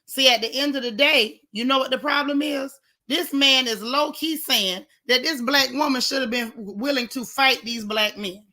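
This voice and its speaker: Woman, vlog commentary, indignant, sarcastic, bright, higher pitch. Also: normal speed. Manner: indignant, sarcastic, talks straight to viewers. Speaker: gossip vlogger. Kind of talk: casual commentary.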